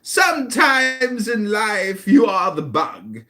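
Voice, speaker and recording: A man's voice: high-pitched, big pitch swings, slow pace, pushed and bright. An American man in his forties, a political candidate in an online chat room, ranting and hurling mocking insults. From United States. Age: 40s.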